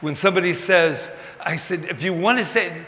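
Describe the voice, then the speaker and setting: A male minister preaches in a loose, conversational way, joking at his own expense and slipping into quoted back-and-forth. His voice is bright and slightly high. The sanctuary adds a long, ringing reverb. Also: normal speed. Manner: chatty, self-mocking, acts out quoted dialogue. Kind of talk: conversational sermon. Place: church sanctuary.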